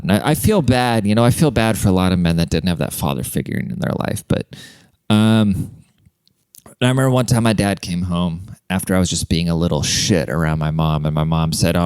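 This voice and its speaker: A man's voice: deep voice, lively intonation, moderate pace, a little mellow, clear, resonant tone, no echo. A man hosting a podcast, telling stories in a casual comedic monologue. He rambles, swears a lot, and laughs at his own jokes. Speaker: podcast host.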